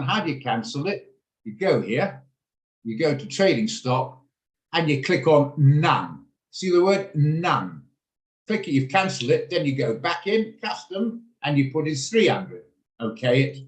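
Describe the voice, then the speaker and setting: A man teaching a live online trading lesson over a video call. He talks quickly and walks through each step hands-on. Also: medium pitch, big pitch swings. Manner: fast, hands-on step-by-step explaining. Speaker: trading instructor. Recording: echoey room sound.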